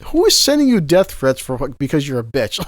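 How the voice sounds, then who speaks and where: A man in his thirties rattles off a profane, laughing rant on a casual podcast. He talks fast, at an ordinary pitch. The sound is dry and close. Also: huge pitch swings, dry recording. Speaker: podcast co-host.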